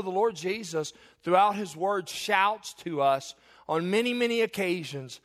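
Man in his forties, pastor preaching, slightly higher voice, builds and swells on key points. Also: measured pace. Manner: restarts and repeats phrases. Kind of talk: sermon.

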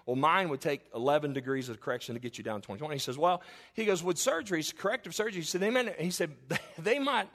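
Male pastor, middle-aged, sermon storytelling, fairly high voice, slows down and gets loud for emphasis. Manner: storytelling, quoting others in dialogue; swells loud and slow on emphatic lines.

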